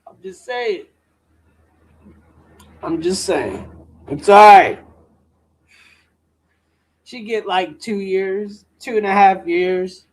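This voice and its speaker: Live-stream host, male, very high voice, slow unhurried delivery, profane and slangy. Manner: profane, slangy, rants full of "bro" and "dude". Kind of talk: casual rambling storytelling.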